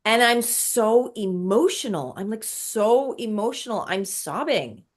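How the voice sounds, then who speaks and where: A woman's voice: on the high side, expressive, a little slow. A woman guest telling an emotional spiritual story in casual conversation, repeating words as she recounts it. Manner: emotional, repetitive, breathless recounting.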